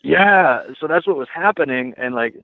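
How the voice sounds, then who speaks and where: A man talking as a guest, telling a story casually with many "like"s and lively retellings. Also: on the high side, moderate pace, no echo. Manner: heavy use of "like", lively retelling. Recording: tinny phone line, dry.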